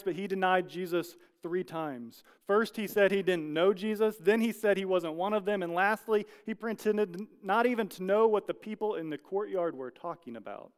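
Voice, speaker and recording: Guy preaching a sermon, earnest storyteller, smooth clear voice, bit high. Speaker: pastor.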